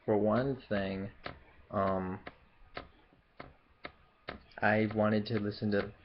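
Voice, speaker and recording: A man's voice: on the low side, flat delivery, very slow, lo-fi sound, a little hiss or hum. A young man from the southern US with no regional accent, chatting through a casual Q&A vlog in a rambling way, with lots of fillers and restarts. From Memphis, Southern US. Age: young adult. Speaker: YouTuber.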